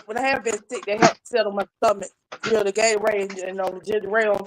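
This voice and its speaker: A woman's voice: mid-range voice, steady tone, fast, heavy background noise. A woman from North Carolina, chatting casually on a live panel, rambling with repeated restarts and frequent laughter. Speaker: live panel chat guest. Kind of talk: casual chat.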